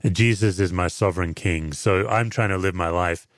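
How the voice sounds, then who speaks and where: An Australian man, a pastor and former chaplain, giving earnest, measured answers in an interview. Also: sits low, dry recording, clean studio sound.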